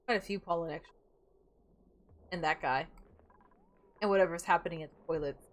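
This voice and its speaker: A woman's voice: fairly low pitch, fairly quick. A woman streaming a game, chatting casually, muttering to herself and breaking into playful outbursts.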